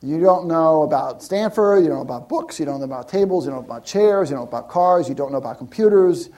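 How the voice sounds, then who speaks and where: A middle-aged man giving a casual talk to an audience, animated, often restarting and repeating words. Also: a little high, fast talker. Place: lecture room with audience.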